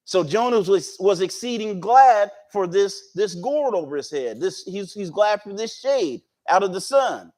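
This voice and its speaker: Halting high-voiced American preacher. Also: male voice. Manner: halting, repeats words and restarts, folksy and animated. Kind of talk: conversational Bible teaching.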